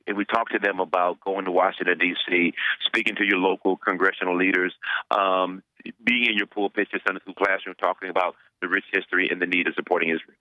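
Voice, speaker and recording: A man's voice: sits low, steady tone, a little fast, no room sound, lo-fi sound. A man, a pastor, answering interview questions earnestly, often repeating words as he searches for them.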